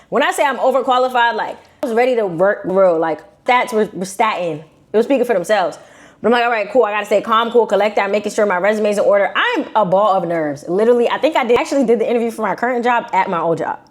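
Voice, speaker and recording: A young woman from Brooklyn with a New York accent, telling a personal story to her viewers in a casual, animated, slangy way. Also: medium pitch. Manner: animated, slangy, acts out quotes in shifting voices. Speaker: vlogger.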